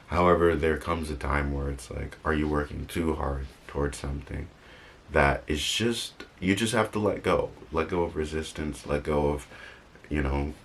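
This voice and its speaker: A man's voice: a bass voice, fairly bright tone, a little hiss or hum. A young man talking casually in a vlog, rambling and correcting himself with joking asides. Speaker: vlogger. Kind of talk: casual motivational vlog talk.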